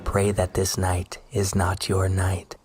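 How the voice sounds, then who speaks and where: A woman voicing a creepy mother in an animation who tells her son a deadly bedtime tale, slow, hushed and sinister, with loud music behind. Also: very deep voice, completely flat delivery, slightly rough, heavily acted.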